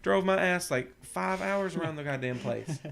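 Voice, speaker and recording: A man's voice: fairly high pitch, moderate pace, gravelly, a bit bright. A young man casually telling a long, profane story on a podcast, acting out what people said. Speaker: podcast co-host.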